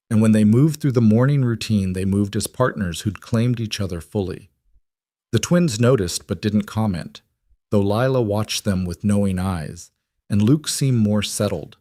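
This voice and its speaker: A man narrating a scripted story in a measured, gentle way. His voice is on the low side, recorded close and dry with no room sound. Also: no room sound.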